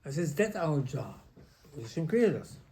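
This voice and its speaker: A man, a rabbi, giving an animated Torah lesson in halting English with many repetitions. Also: on the high side. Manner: animated, repetitive, non-native English phrasing.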